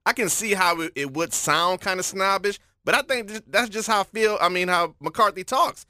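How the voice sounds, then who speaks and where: Bright dry-voiced opinionated radio co-host man. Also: high-pitched, moderate pace, no room sound. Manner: opinionated, stammering restarts. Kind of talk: morning radio talk. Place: radio studio. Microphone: studio microphone.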